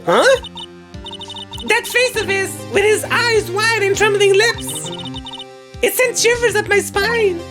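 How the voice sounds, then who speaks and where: A woman voicing an excitable, bubbly teenage girl assistant in a video game. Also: very high-pitched, takes it slowly, pauses often, pitched above the performer's own voice. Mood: gushing. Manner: gushing, bouncy. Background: game music.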